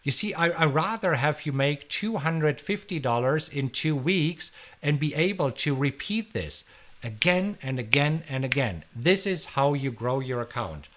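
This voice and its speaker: With a fairly high pitch and an unhurried delivery, a middle-aged German-accented man hosts a live stream and takes viewer questions. He's chatty and energetic, repeating words as he goes, and a faint hiss or hum sits under the audio.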